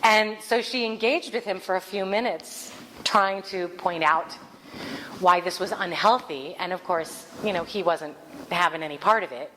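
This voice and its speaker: Woman minister, lower voice, lively storytelling sermon with faint room noise. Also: moderate pace, rough recording. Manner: animated storytelling, acts out quoted voices.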